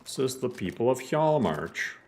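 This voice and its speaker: A man's voice: mid-range voice, sing-song, normal speed. A man giving casual, chatty commentary while he plays a game, thinking aloud and laughing easily. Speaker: gaming streamer.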